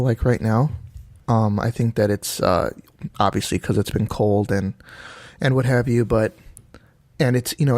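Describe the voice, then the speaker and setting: Man, mid pitch, casual co-host, rambling and easygoing, dry close recording. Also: mellow, dry recording. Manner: easygoing, rambling with fillers, quick asides. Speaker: podcast co-host. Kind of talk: casual chat.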